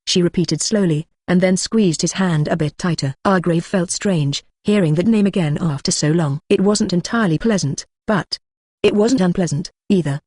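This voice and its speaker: An audiobook narrator reading a fantasy romance in a steady, even voice. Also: mid-range voice, normal speed, no room sound, studio quality. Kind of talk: steady read-aloud narration.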